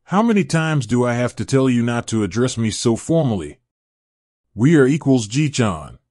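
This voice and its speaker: An easygoing young demon king talks in a soft, teasing way, a touch higher than plain speech, as a male narrator reads him. The voice sits in a middle range and sounds dry and close, with no room around it. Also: big pitch swings, moderate pace, no echo. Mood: mock pleading.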